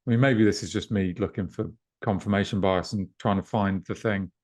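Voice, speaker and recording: A man co-hosting a podcast over a video call, talking in a relaxed, reflective way and reading out listener questions. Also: low-pitched, fairly quick. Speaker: podcast co-host and festival promoter.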